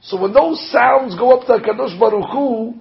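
A man, a rabbi, preaching a sermon with animated storytelling, acting out the voices he quotes. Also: very high voice, normal speed, vocal fry. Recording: dull lo-fi recording.

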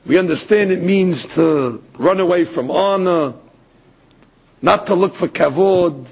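A man giving a sermon as a rabbi, telling a story in an animated way and rising to emphatic peaks. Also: high-pitched, unhurried, vocal fry, breathy edge, lo-fi sound. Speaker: rabbi or Torah teacher.

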